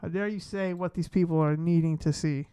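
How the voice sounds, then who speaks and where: A man live-streaming casually, talking to himself in a flustered way as he fiddles with his software. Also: on the high side, fairly even intonation, fairly quick, clear, resonant tone, no echo.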